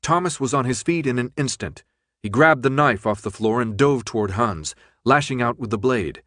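A man narrates an audiobook in a steady, measured reading of a script. His pitch is medium, and the studio recording is clean with no room sound.

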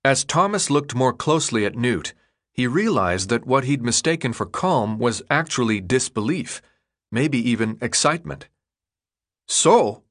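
A man narrating an audiobook in a steady, even storytelling voice. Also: medium pitch, normal speed. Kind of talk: scripted narration.

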